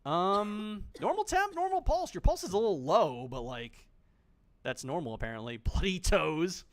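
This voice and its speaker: A male game streamer with a slightly high voice that swings widely in pitch. He jokes around, swears freely and talks straight to the characters on screen in a loose, casual way. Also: sing-song, normal speed. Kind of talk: casual gameplay commentary.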